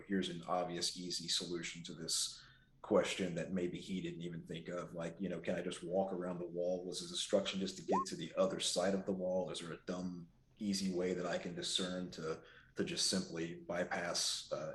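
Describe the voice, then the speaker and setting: A man playing a tabletop game, thinking aloud hesitantly about his character's options. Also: sits low. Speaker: player. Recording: roomy echo.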